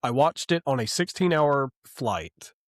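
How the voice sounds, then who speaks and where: A man of medium pitch co-hosts a podcast, speaking a little slowly in studio-quality audio with no room sound. The chat is casual and excitable, packed with swearing, rambling, and "um" and "like" fillers.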